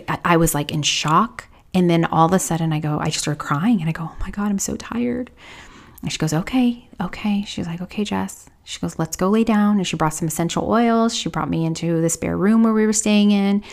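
A woman podcast host with a fairly low-pitched voice tells a personal story confessionally, often dropping to a hushed whisper when she quotes people.

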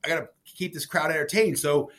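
A man being interviewed about his cookbook, telling stories in a rambling, excitable way with many restarts, and he sounds jet-lagged. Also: on the high side, a little fast. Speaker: cookbook author guest. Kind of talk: casual podcast interview.

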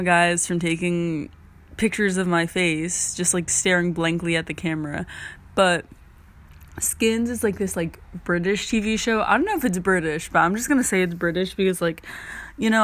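A woman's voice: mid-range voice, a bit bright, dry recording. Rambling teen girl podcaster, dry close mic. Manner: rambling, heavy use of "like" fillers. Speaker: podcast host. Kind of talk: casual solo podcast chat.

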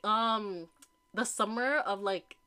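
A woman's voice: mid-range voice, slow pace, clean tone. A young woman telling a wild story in casual chat, acting out what everyone said and laughing often. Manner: animated storytelling, acts out quotes, frequent laughter.

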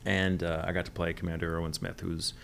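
A man's voice: sits low, little pitch movement, brisk, gravelly, fairly bright tone, a little hiss or hum. A man from the United States, a voice actor guest, chatting candidly in a rambling interview and swearing freely. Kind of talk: casual interview chat.

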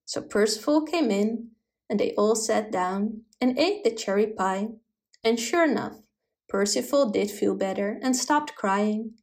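A woman's voice: mid-range voice, animated, measured pace, a little mellow. Woman reading a children's story aloud.

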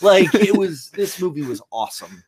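A man's voice: high-pitched, sing-song, normal speed, husky, no room sound. A young man hosting a casual movie chat, enthusiastic and joking, rambling with fillers. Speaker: podcast host.

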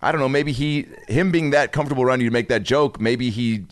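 A man co-hosting a podcast, asking quick questions and musing aloud in casual chat. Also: mid-range voice, fairly even intonation, no room sound, clean studio sound. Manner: curious, asks quick questions. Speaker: podcast co-host. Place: podcast studio.

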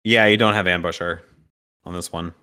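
A man's voice: sits low, steady tone, moderate pace, bright, forceful tone, clean tone. A man narrating as game master of a tabletop game, laughing often and stopping for fillers and restarts as he describes the scene.

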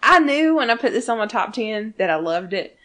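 A woman's voice: a little high, big pitch swings, fairly quick, a bit bright. A woman in her thirties, a podcast co-host chatting casually, laughing often and swearing freely as she gushes. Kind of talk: casual chat.

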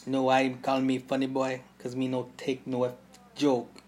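A man with a Jamaican accent voicing a menacing, sneering male gang boss who taunts loudly in a flat-pitched voice. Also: moderate pace, slight background noise, close to an everyday voice. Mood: taunting. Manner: taunting, loud.

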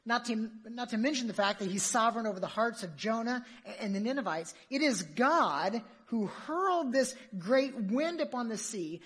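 A woman's voice: on the high side, animated, moderate pace, few pauses, slightly rough. A woman preacher giving an emphatic sermon, full of rhetorical questions to her listeners.

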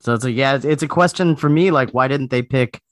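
A man's voice: medium pitch, brisk, dry recording, clean studio sound. A man on a casual news chat panel, joking and rambling with restarts. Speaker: co-host.

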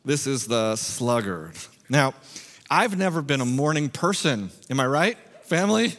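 Animated, joking male pastor. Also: medium pitch, unhurried, in a large hall. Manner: humorous, animated, self-mocking. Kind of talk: sermon.

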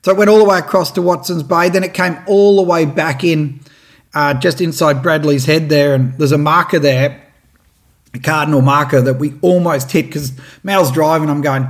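An Australian man telling a lively fishing story and giving tips, acting out what others said. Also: a little high, normal speed. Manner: animated, acts out what others said. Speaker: fishing presenter.

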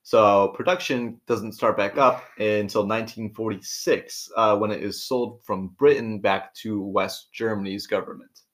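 A podcast co-host with a lowish, slightly bright voice talks a little slowly, with fairly even intonation and few pauses. He's laid-back in this casual chat, asking questions and throwing in slang like "bro" and "dude."

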